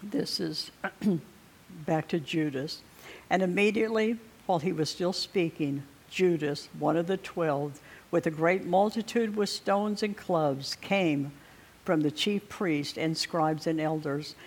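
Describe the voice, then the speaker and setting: A man preaching a sermon, reading scripture aloud slowly and deliberately, with pauses to clear his throat. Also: fairly high pitch.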